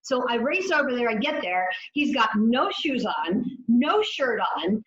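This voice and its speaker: A woman addiction clinician telling her story in an interview, animated and acting out the dialogue as she goes. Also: a little high, unhurried, reverberant, muffled recording. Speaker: addiction clinician and author, guest.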